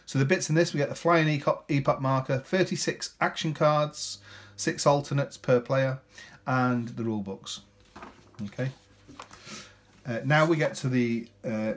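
Man, casual unboxing commentary, rambling, tag questions, mid-pitched voice, faint background clicks. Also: moderate pace, a little hiss or hum. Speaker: board game unboxing presenter.

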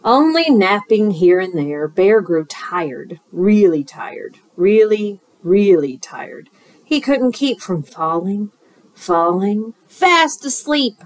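Slow, expressive woman reading a picture book. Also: medium pitch, dry recording. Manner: expressive, rhythmic, with asides to children. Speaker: teacher reading aloud. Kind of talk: storytime read-aloud.

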